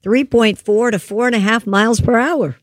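A woman's voice: on the high side, no echo. Dry-voiced woman reading the news. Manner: reads news items with quick asides. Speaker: radio news reader. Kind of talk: casual news chat.

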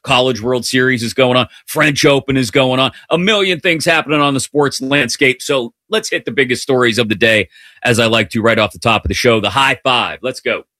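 A man hosting a live sports talk radio show, upbeat and playful, running quickly through the day's stories. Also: medium pitch, sharp tone, dry recording, clean studio sound. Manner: upbeat, playful, rapid-fire rundown. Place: radio studio. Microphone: studio broadcast mic.

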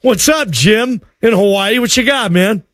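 A male sports radio host with a high voice who talks in an excitable, rambling way, full of restarts. His studio sound is dry and close, with no room in it. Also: a little slow, dry recording. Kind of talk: call-in radio talk show.

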